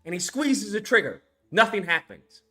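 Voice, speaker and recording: A film commentary YouTuber in an excitable, profane movie-review rant who keeps acting out scenes as they talk. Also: medium pitch, moderate pace, faint music behind. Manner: excitable, swears freely, acts out scenes.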